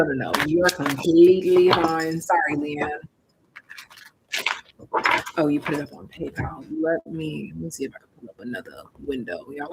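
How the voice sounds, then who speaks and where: Lively and sassy, a tarot reader on a live stream calls her viewers "baby" and "darling," her gravelly voice jumping between high and low. There's a little hiss or hum, and the audio is poor.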